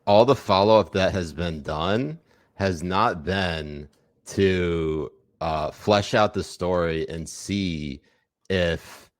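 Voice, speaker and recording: A man's voice: low-pitched, slow, dry recording, clean studio sound. A man co-hosting a podcast in a loose, joking way, with plenty of fillers. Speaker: podcast co-host. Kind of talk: casual comedic chat.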